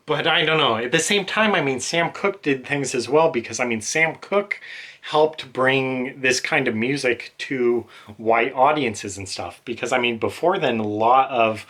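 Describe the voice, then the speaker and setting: Bright-voiced man rambling emotionally. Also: mid-range voice, unhurried. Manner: rambling, emotional, many fillers. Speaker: book channel host. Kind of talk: casual monologue.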